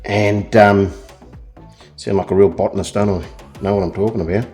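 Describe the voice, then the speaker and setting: A middle-aged Australian man talks through a painting as he works, in a fairly low voice. His delivery is rambling and chatty, full of little self-deprecating jokes. Soft music plays faintly behind him. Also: steady tone, moderate pace. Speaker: art tutor. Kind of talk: real-time painting tutorial.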